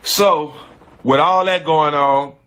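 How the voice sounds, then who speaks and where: Emphatic bright-voiced man telling a story. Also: on the high side, steady tone, slow pace, clean tone. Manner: emphatic, repetitive, slangy, frequent restarts. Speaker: storyteller guest. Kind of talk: casual storytelling.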